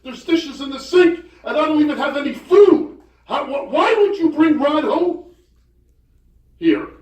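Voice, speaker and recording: A man's voice: extremely high pitch, very animated, slow, darkish tone, voice pushed up, heavily acted. A man voicing his angry wife, piling up frantic complaints. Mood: furious. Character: upset wife, a woman in her thirties. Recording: roomy hall, mic from far off.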